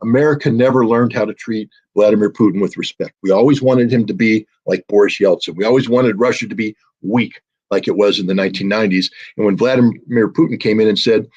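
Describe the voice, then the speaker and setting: A man in his sixties speaks as a podcast guest in an emphatic, argumentative way, acting out the voices he quotes. His voice is low and husky. The recording is dull and lo-fi. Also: brisk, hardly any pauses, darkish tone. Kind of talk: political commentary in conversation.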